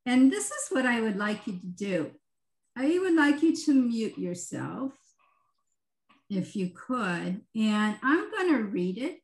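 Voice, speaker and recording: A woman facilitating a virtual group session, giving gentle, unhurried instructions over a video call and often checking in with "right?". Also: a little high, big pitch swings, roomy sound, rough recording. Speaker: retreat facilitator.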